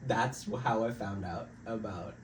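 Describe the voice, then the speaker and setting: A young adult man with an American accent, a guest actor in a casual podcast chat, telling stories with lively acted-out quotes and frequent laughter. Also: lowish voice, measured pace, roomy sound, far from the mic, a little hiss or hum. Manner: animated storyteller who acts out quoted lines and laughs often.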